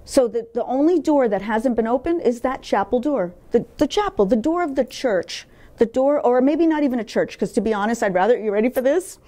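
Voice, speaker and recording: Blunt, emphatic woman with a mellow voice. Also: a little high, animated, brisk. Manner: emphatic and blunt, swearing freely. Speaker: interview guest. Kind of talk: candid personal interview.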